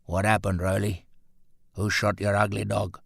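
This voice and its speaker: A man's voice: fairly low pitch, flat delivery, normal speed, gravelly, a bit bright, no room sound, clean studio sound, heavily acted. A man reading big, teasing stockman Harry. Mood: steady.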